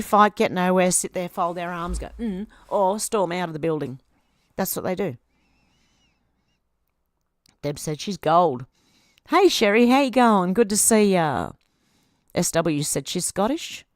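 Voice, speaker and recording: Australian woman, lowish voice, casual live-stream chat, reads comments aloud, dry close-miked sound. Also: dry recording. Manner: chatty, reads out comments then reacts. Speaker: video host reading viewer comments.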